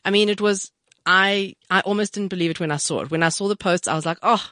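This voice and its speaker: A woman co-hosting a radio show, chatting casually and emphatically, quick to correct her partner. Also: on the low side, a bit bright, dry recording, clean studio sound. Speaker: radio co-host.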